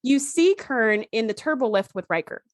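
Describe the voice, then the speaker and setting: A woman co-hosts a relaxed podcast chat. She recaps scenes with a lively, bouncing pitch that sits a little high. Her voice is recorded dry and close. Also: moderate pace, dry recording. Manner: animated storytelling, acting out characters' lines. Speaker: podcast co-host. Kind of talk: casual chat recapping an episode.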